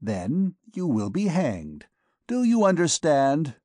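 A man's voice: a little high, huge pitch swings, takes it slowly, warm tone, no echo, clean studio sound, heavily acted. A man reading an audiobook, voicing a commanding male vagabond king who makes stern, repeated threats. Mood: threatening.

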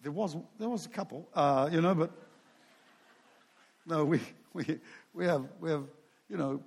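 An older man preaching a sermon in a relaxed, chatty manner, his voice sitting a touch higher than most men's. He wanders off into asides and pokes fun at himself. He keeps a friendly, unpolished tone. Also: measured pace, gravelly, husky. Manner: conversational, rambling with asides and self-deprecating humor. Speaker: pastor.

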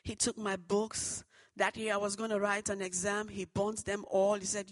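A woman giving an earnest personal testimony that turns into preaching, moving between hushed and loud, fervent passages. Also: medium pitch, level tone, moderate pace, no room sound, low-quality recording. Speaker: testimony speaker.

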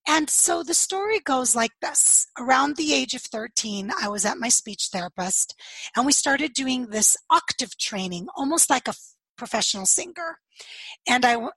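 A woman with a slightly hoarse, husky voice, telling her life story in an interview and acting out the dialogue she recalls. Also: sits high, a bit bright, no echo, rough recording. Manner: storytelling, acts out quoted dialogue, laughs often. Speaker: podcast guest.

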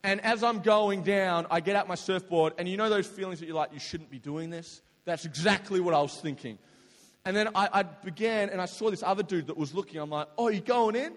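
A young man casually telling a story to an audience, animated and slangy, with sudden loud outbursts. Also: sits high, fairly quick. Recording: long hall reverb.

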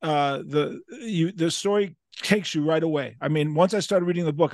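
A man's voice: fairly high pitch, moderate pace, darkish tone, no room sound. Dry-sounding man hosting an interview. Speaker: podcast host. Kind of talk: casual interview questions.

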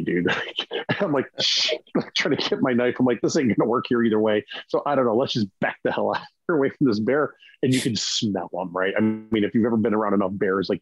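Lower-pitched husky man, animated storyteller, dry dull lo-fi sound. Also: no echo. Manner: animated, acts out quotes with a raised voice, laughs often. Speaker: hunter telling stories. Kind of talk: casual storytelling.

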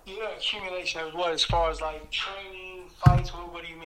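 A man's voice: high-pitched, fairly even intonation, brisk, loud music behind the voice, poor audio. A man from Indianapolis with a local accent, talking casually as a boxer guest, often saying "you know". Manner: laid-back, repeats "you know what I'm saying". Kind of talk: casual interview.

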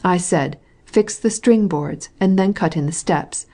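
A woman reading the lines of a brisk, impatient male landowner, in a curt, commanding way. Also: fairly low pitch, warm tone.

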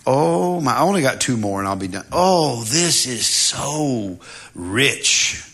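A man preaching a sermon in a lively, humorous way, often acting out voices. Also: medium pitch, slow, breathy edge. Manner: animated, humorous, acts out voices.

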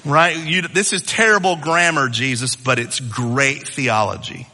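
Male preacher, conversational and animated, bright and forceful, long hall reverb. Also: medium pitch, measured pace. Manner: animated, conversational teaching with asides. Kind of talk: sermon.

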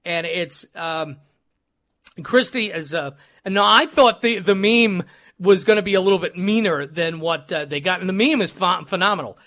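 A man's voice: high voice, moderate pace, pushed and bright. A male talk radio host, joking and laughing through his banter with many fillers.

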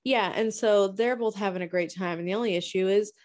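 A woman's voice: medium pitch, brisk, darkish tone. A woman casually summarizing a book's plot, blunt and swearing freely. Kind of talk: casual book recap chat.

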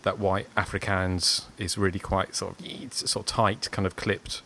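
Low low voice, posh-ish southern english guy rambling on a podcast. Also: level tone, normal speed, bright, forceful tone, a little hiss or hum. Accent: English, southern, slightly posh. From Surrey, England. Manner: meandering, self-deprecating storytelling. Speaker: podcast co-host. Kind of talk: casual chat.

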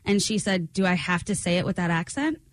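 A woman's voice: on the low side, animated, brisk. A woman co-hosting a morning radio show in a studio, easygoing and laughing along. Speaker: radio co-host.

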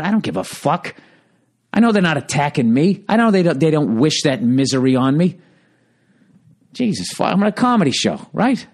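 A man hosting a solo podcast, rambling and swearing heavily as he tells a heated story in a casual rant. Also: fairly high pitch. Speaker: podcast host.

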